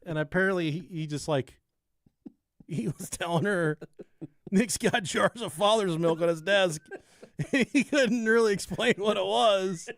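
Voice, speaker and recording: Laid-back swearing man, higher voice. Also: measured pace, dry recording, clean studio sound. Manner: laid-back, swearing, laughing at his own joke. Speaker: podcast co-host. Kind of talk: casual podcast chat and true-crime storytelling.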